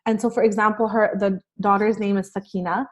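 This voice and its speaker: A woman's voice: medium pitch, flat delivery, fairly quick. Earnest, encouraging woman podcast guest. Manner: earnest, encouraging, many fillers. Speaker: podcast guest, life coach. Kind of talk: casual podcast conversation.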